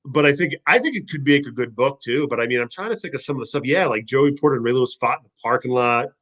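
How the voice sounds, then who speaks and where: A man, a former football player, telling stories in a casual podcast chat, animated and profane. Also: medium pitch, quick pace, highs cut off.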